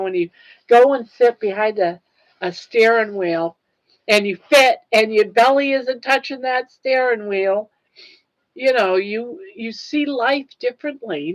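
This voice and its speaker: A woman's voice: fairly high pitch, highs cut off. An older woman hosting a casual livestream chat, tearful and earnest as she talks straight to her viewers. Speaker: livestream host.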